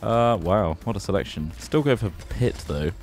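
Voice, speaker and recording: A British man with a low voice that swings widely in pitch, firing back sarcastic remarks during a gaming session. Game music plays softly behind him. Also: animated, moderate pace. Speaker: gaming video host. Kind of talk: casual gaming banter.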